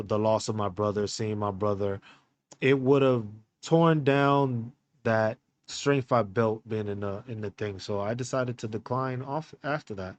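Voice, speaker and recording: A man hosting a podcast, telling a personal story in a candid, halting way with many fillers and restarts. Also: medium pitch, no room sound. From United States. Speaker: podcast host.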